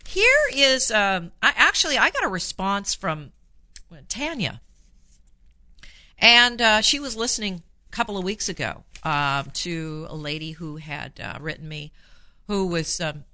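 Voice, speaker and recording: A woman's voice: medium pitch, animated, a little slow, bright, forceful tone, dry recording. A woman hosting a call-in advice show as a therapist, reassuring callers and reading listener emails in a chatty way with many fillers. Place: Los Angeles studio.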